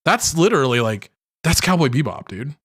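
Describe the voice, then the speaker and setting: A man's voice: a little high, big pitch swings, brisk, fairly bright tone. A man co-hosting a podcast in casual chat, blunt and teasing, swearing casually. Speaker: podcast co-host.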